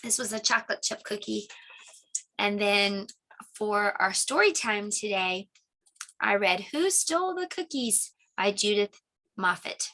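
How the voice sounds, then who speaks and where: A woman presenting a children's lesson video, gentle and teacher-like. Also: mid-range voice, unhurried. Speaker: homeschool teacher.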